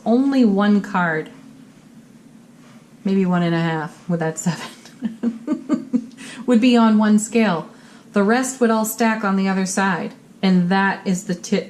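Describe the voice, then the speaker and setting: A woman reads tarot cards for her viewers in an upbeat, encouraging tone, leaning on spiritual phrasing. Her voice sits at a middling pitch. A faint hiss of noise runs under the recording. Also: a little mellow. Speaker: tarot reader. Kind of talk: monthly tarot reading for viewers.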